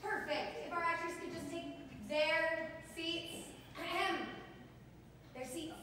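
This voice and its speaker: High-voiced woman hosting a live stage reading. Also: steady tone, slow pace. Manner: playful, self-amused. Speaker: writer and director of a live fan fiction show. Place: convention stage. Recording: roomy hall, distant mic, background noise.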